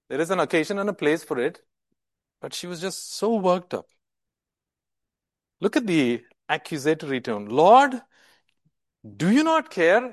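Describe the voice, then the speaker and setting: A man's voice: fairly high pitch, dry recording. Man preaching an emphatic sermon. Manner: emphatic, repeats words, asks rhetorical questions.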